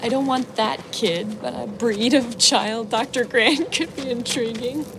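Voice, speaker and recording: Teasing female scientist, higher voice, some gravel, noisy outdoor film clip. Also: a little slow. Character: playful grown female scientist teasing a colleague. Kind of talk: film scene dialogue.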